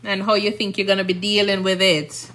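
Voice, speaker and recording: A woman's voice: mid-range voice, level tone, a little fast, a bit bright, slight background noise. A woman from Jamaica with a Jamaican accent, a nurse chatting casually on a livestream, rambling and often checking "you understand?".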